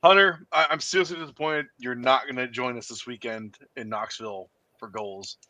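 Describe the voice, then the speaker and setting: A man hosting a podcast, telling stories in a profane, animated way. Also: mid-range voice, moderate pace. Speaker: podcast host. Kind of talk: casual podcast banter.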